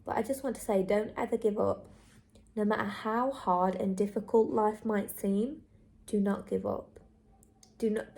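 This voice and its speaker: An earnest young woman vlogs to camera in a candid monologue. Her voice sits at a middle pitch, and she repeats lines for emphasis in a heartfelt, unpolished way. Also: a little mellow. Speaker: travel vlogger.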